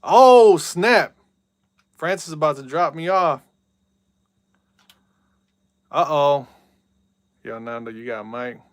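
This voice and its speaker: Here a man chats casually on a football video game livestream, reading viewers' messages and shouting at big plays. He speaks fairly quickly at a medium pitch, in studio quality with no room sound.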